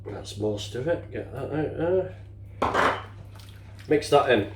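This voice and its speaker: A man's voice: mid-range voice, animated, slow pace, slight background noise. An older man, chatting casually through a cooking demonstration, muttering and swearing mildly as he works. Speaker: home cook. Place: home kitchen. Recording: echoey kitchen. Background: clinking dishes and utensils.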